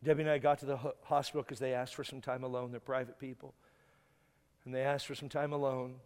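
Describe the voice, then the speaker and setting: A guest pastor telling a painful story in a sermon, tearful and halting, stumbling and repeating words as he is moved. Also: mid-range voice, little pitch movement, a little mellow, clean tone. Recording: long hall reverb.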